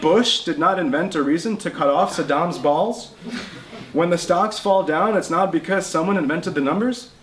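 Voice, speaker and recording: A man's voice: fairly high pitch, moderate pace, voice pushed up, lightly acted. A man doing a stubborn, insistent old grandfather. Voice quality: clipped broken English. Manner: emphatic, insistent, raised and louder voice. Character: stubborn old immigrant grandfather, male, forceful. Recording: roomy bookshop with faint noise.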